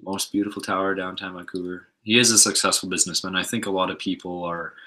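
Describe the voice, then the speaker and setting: A man's voice: low voice, little pitch movement, fast talker, bright, forceful tone, poor audio. A man casually chatting on a livestream, answering viewer questions in a laid-back, rambling way. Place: home livestream setup.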